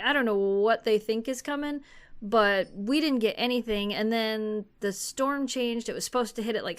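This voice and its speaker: A woman's voice: fairly high pitch, a bit bright, smooth. A woman co-hosting a podcast, telling long casual stories in a rambling, chatty way. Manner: rambling anecdotal storytelling. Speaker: podcast co-host. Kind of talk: casual chat.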